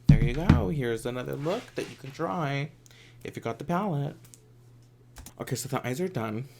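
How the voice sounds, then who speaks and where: A man's voice: medium pitch, expressive, moderate pace, creaky, noisy background. A man chatting through a makeup tutorial in a campy, sassy way, sometimes dropping into whispered asides. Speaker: makeup vlogger. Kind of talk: casual makeup tutorial chat.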